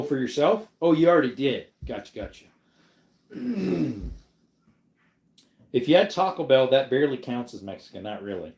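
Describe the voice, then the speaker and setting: A man's voice: mid-range voice, a little mellow. A man hosting a casual livestream, rambling loosely and answering viewers' chat as he reads it. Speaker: livestream host. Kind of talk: casual live stream chat. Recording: echoey room.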